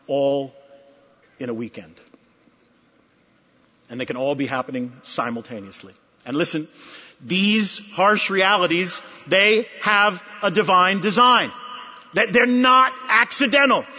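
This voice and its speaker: Emphatic male preacher, bright tone, dull recording in a big hall. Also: a little high. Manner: emphatic, repeating phrases for effect. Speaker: pastor. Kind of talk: sermon. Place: large conference hall.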